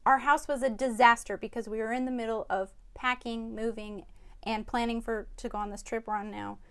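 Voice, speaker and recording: This is an upbeat woman in her forties co-hosting a casual family podcast. Her voice sits a little high and she leans hard on key words. She laughs easily between her points. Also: fairly even intonation, brisk, fairly bright tone. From United States. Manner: upbeat, emphatic, laughs often. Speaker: podcast co-host, parent.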